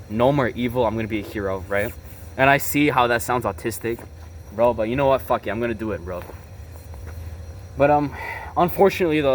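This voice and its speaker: A man's voice: lowish voice, a little hiss or hum. A young man telling a personal story in a blunt, casual, profane way, peppering his talk with "bro" and "right?". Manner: blunt and emotionally charged. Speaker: vlogger. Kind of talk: confessional storytelling.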